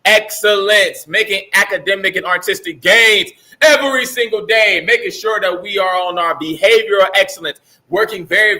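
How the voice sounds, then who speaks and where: A man giving the morning announcements at a school assembly, energetic and repeating his points with call-and-response. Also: high-pitched.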